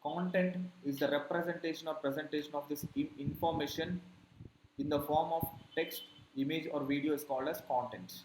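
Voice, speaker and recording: A man gives a classroom lecture on digital marketing, often stopping to ask "correct?" before moving on. His voice sits somewhat high for a man. The room is echoey, with a faint noise underneath. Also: steady tone, a little fast, darkish tone. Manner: explains with rhetorical questions, many "correct?" and "see".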